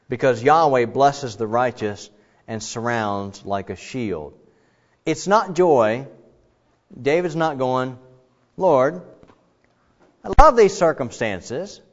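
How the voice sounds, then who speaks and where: A man preaching a sermon on the psalms in a conversational way, restarting phrases and bursting into loud, emphatic quotes. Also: mid-range voice, muffled recording.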